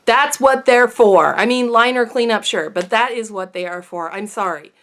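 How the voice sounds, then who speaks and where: A woman's voice: on the high side, moderate pace, a bit bright. Chatty self-deprecating woman vlogger. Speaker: beauty vlogger. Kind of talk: casual chat to camera.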